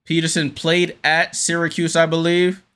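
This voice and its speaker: A man hosting a casual fan watchalong, calling the game play by play with frequent fillers and sudden jumps of excitement on big plays. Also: a little high, moderate pace, clear, resonant tone. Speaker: host.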